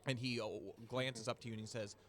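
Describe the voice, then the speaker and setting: A man running a tabletop game as game master, describing scenes in loose, filler-heavy narration and dropping into quick voices for the characters. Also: medium pitch, flat delivery, fairly bright tone, a little hiss or hum.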